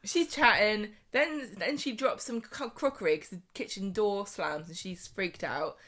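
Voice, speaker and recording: A woman's voice: mid-range voice, unhurried. A woman co-hosting a podcast, recapping soap episodes in casual chat and laughing often. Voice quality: laughs often, animated storytelling. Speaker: podcast co-host.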